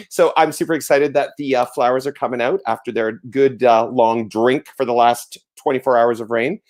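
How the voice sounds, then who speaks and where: A man's voice: mid-range voice, fairly even intonation, normal speed, darkish tone. A man hosting a casual livestream from home, effusive and theatrical, talking into a webcam mic. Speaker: livestream host.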